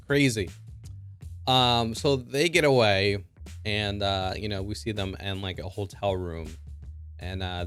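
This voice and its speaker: A man casually recapping a TV episode in an excitable way, full of filler words. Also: lowish voice. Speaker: show reviewer.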